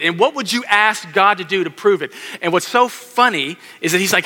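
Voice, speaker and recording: A man preaches with a bright, forceful voice that sits somewhat high. He is lively, acts out the voices in his stories, and speaks straight to the children listening. His words carry a long reverb through a large church sanctuary. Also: normal speed. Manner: animated, acts out quoted voices, addresses kids in audience. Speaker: pastor. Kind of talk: sermon.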